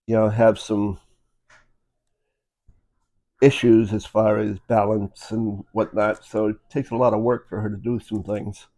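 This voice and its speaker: A man's voice: fairly low pitch, little pitch movement, a little slow, pauses often, warm tone. Rambling, easygoing man co-hosting. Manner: rambling, conversational, with fillers like "you know". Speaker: co-host. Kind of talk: casual chat. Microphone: phone.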